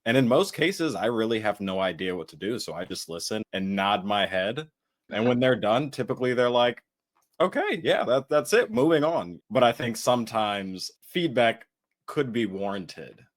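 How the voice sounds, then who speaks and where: A man's voice: lowish voice, normal speed. A man hosting a podcast, talking casually and reflectively and asking his guest questions. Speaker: podcast host. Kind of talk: casual interview conversation.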